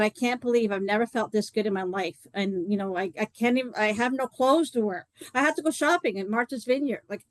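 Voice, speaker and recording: A woman talks in a chatty, rambling way and fills her story with "like" and "you know." Her voice sits a little high and sounds dry and close, with almost no room around it. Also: dry recording, poor audio. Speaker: co-host presenting a detox program. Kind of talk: live online talk, personal story.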